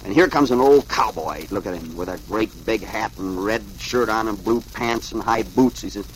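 A man's voice: lowish voice, normal speed, few pauses, slight background noise, low-quality recording. Folksy man reading comics aloud. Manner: chatty, folksy, exclaiming. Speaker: host reading comics to a child. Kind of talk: folksy read-aloud storytelling.

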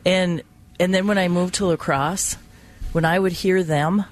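Casting: man with a high voice, chatty co-host, reminiscing. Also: steady tone, measured pace, faint music behind. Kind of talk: casual radio chat.

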